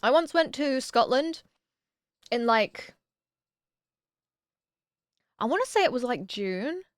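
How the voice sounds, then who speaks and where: A woman streaming casually, reading viewer messages aloud and answering them with bursts of excitement. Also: sits high, takes it slowly, no echo, studio quality.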